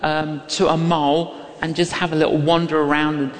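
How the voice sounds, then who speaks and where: A man's voice: on the high side, little pitch movement, normal speed, long reverb tail. An older man preaching a sermon, telling a story with emphatic, acted-out dialogue.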